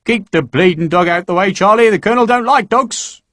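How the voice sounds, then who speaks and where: A man reading an audiobook voices a bluff, hearty army sergeant who talks rough barrack-room slang with fondness for his recruits. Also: high-pitched, a little fast, fairly bright tone, no room sound, studio quality, pitched above the performer's own voice. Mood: gruff, fond. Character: bluff older male recruiting sergeant, gruff but fond.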